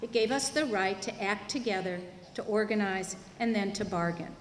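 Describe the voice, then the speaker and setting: A woman's voice: medium pitch, moderate pace. A woman giving a teach-in lecture at a university, explaining her points emphatically and posing rhetorical questions to the audience. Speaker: university labor educator. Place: large hall at a university student union. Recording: echoey hall, faint room noise.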